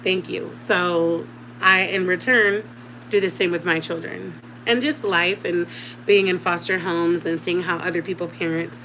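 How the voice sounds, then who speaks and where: A woman's voice: on the low side, background noise. Chatty mother vlogging from home. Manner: chatty, talks directly to viewers. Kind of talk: casual chat to camera.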